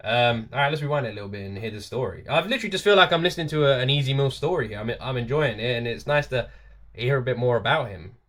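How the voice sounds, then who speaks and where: A man's voice: medium pitch, fast talker, a bit bright, a little hiss or hum. A man from the UK hosting a reaction video, talking casually and enthusiastically to his viewers, often repeating himself. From United Kingdom.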